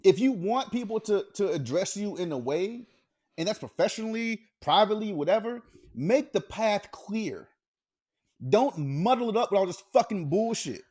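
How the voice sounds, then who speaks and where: A man on a podcast with a slightly high voice, talking casually and swearing freely. He tells stories with plenty of energy. His delivery is loose and conversational. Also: normal speed. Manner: profane, animated storyteller. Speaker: podcast co-host. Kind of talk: casual chat.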